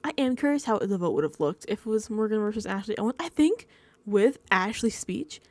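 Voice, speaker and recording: A slightly fast, medium-pitched woman recaps reality TV casually into a desk microphone. She's animated, acting out her own reactions and quotes, and the recording is dry.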